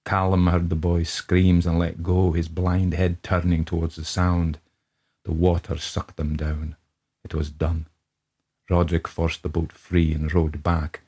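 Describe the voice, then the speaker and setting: In a low, mellow, slightly rough voice, a man reads a ghost story aloud, unhurried and flat. He takes on a Scottish accent as the grave first-person narrator, a brooding Scotsman recounting his sombre tale.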